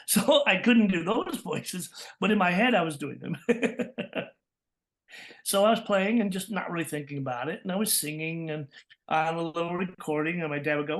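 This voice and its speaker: A man from California tells stories as an interview guest. His voice sits somewhat high. He talks with animated energy, breaks into laughs, and slips into the voices of the people he quotes. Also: normal speed. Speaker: guest, voice actor. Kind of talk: interview storytelling.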